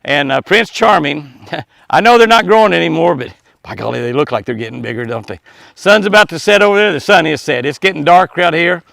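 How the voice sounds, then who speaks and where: A man's voice: fairly high pitch, expressive, a little fast, gravelly, a bit bright, no echo. An older man chatting outdoors by an animal pen at dusk, folksy and chuckling as he talks to the deer. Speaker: ranch vlogger. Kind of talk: casual outdoor vlog narration.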